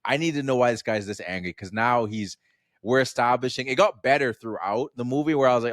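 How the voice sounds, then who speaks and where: A man co-hosting a podcast, chatting casually about a film in a rambling, animated way and acting out little quotes. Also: mid-range voice, a little fast, no room sound, clean studio sound. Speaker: podcast co-host. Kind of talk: casual film review chat.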